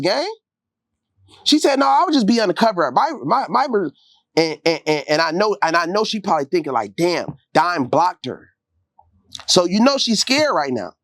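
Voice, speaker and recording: Interview guest, man, animated slangy storyteller who acts out quotes; bouncy intonation, dry close sound. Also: high voice, no echo. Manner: gets loud and heated late in the telling.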